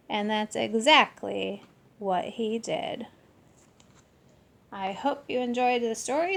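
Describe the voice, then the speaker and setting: A woman reading a children's picture book aloud in an expressive storytelling manner. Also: medium pitch, measured pace, vocal fry. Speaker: reader.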